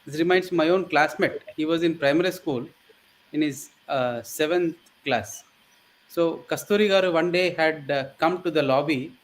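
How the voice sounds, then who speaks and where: A man's voice: a little high, normal speed, slight background noise, low-quality recording. A man telling a story in casual conversation, rambling and hesitant, with many fillers.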